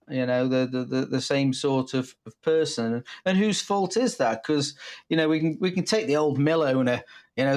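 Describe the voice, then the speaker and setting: Halting middle-aged man, dry humor. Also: medium pitch. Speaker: co-host, business trainer. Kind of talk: casual live-stream chat. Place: office.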